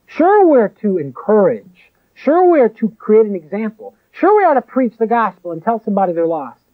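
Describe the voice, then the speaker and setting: A man preaching a sermon in an emphatic way, with sharp rises and drops. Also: high voice, big pitch swings, moderate pace. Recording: tinny phone-like lo-fi recording.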